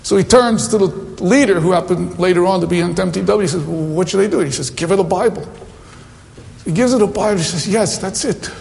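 A man's voice: sits high, a little fast, gravelly, a little mellow. A man preaching a sermon, telling mission stories in a conversational, anecdotal way with many asides. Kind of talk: sermon with storytelling. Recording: long reverb of a hall.

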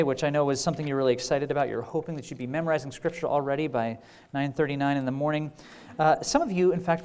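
A man preaching a teaching session with an easy, conversational manner. He sprinkles in "right?" checks and dry little jokes, and the fillers and restarts keep it relaxed. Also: on the high side. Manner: wry humor. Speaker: pastor. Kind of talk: conference teaching talk.

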